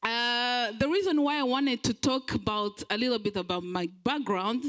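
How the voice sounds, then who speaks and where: A woman from Belgium giving a speech at a community event, earnest and halting, with frequent pauses as she searches for words. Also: a little high, a bit bright, low-quality recording. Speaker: guest speaker.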